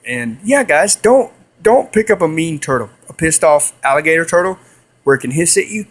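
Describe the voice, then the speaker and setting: A young male vlogger tells his viewers a rambling story to camera, repeating himself and hissing to imitate animals. His voice is fairly high and lively in intonation, at a moderate pace.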